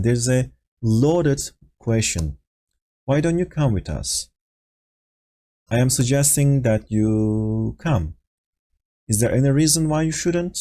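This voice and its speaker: This Turkish teacher, on a Discord voice call, gives a language lesson with patient explanations, fillers, and acted-out phrases. His voice is mid-range and dark, slow-paced yet lively in intonation.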